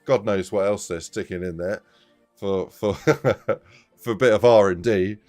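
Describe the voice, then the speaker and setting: Low-voiced man telling a story. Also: unhurried, faint music behind. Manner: animated, rambling, laughs often. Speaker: streamer. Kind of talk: casual storytelling on a live stream.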